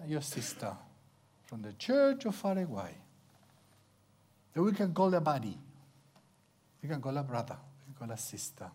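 A middle-aged man preaching a sermon, swinging from loud exclamations to hushed near-whispers and acting out sounds. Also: mid-range voice. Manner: acts out sounds with playful onomatopoeia.

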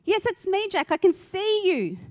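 A woman voicing God as a calm, patient figure who coaxes a man in a story she tells during a sermon. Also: extremely high pitch, normal speed, pitched above the performer's own voice. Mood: calm, coaxing. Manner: calm and coaxing.

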